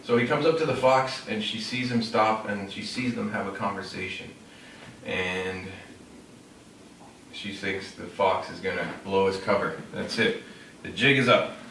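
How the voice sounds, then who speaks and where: Here a man with a lowish, fairly bright voice casually tells a fable to show a classroom storytelling technique, stumbling through fillers and correcting himself. Faint noise sits under a roomy, far-off mic.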